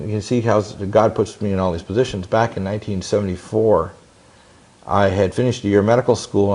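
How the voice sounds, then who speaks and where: A man in his sixties with a lowish, somewhat mellow voice tells long stories as an interview guest. He's intense and rambling, with lots of restarts and quoted dialogue.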